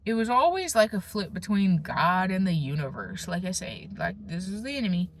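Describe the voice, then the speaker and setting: Young adult woman, casual testimony vlogger, emphatic and chatty with restarts, swings between lively bursts and hushed lows. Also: moderate pace, a little hiss or hum. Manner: emphatic, conversational, with slangy asides and restarts. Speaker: faith vlogger.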